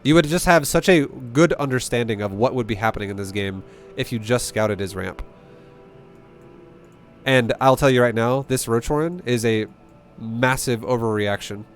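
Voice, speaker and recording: A man's voice: mid-range voice, moderate pace, clear, resonant tone, soft background music. A man coaching a player through a replay in casual, blunt commentary, cursing freely and hammering his points home by repeating them. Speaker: StarCraft coach.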